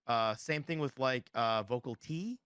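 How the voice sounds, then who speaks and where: A man's voice: medium pitch, measured pace, a bit bright, smooth, dry recording, clean studio sound. A man guest on a podcast, chatting casually with lots of fillers and restarts. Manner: rambling, many fillers and restarts. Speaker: streamer guest.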